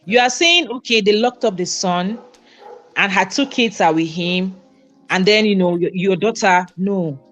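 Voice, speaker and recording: A woman's voice: medium pitch, unhurried, fairly bright tone, faint music behind. A woman on a debate panel, explaining her view step by step and checking that she is understood.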